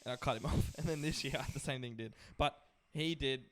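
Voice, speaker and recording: A man's voice: medium pitch, brisk, a bit bright, a little hiss or hum. A young man hosting a podcast, chatting casually and teasing his brother with frequent laughs. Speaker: podcast host. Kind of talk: casual chat.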